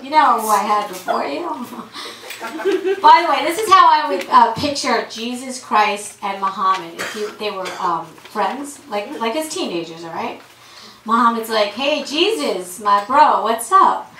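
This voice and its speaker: A brash woman, working a comedy club crowd in a crude, chatty way. Her voice sits fairly high, heard from a distance in a roomy, noisy room. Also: lively intonation, normal speed, pushed and bright. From Brooklyn, New York. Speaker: stand-up comedian. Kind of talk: stand-up comedy set.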